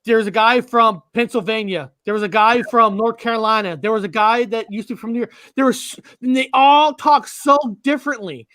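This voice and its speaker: A man's voice: high-pitched, fairly quick, hardly any pauses, no room sound. A man hosting a live stream, chatting casually and reading out viewer comments. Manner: reads viewer chat aloud, relaxed. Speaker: host.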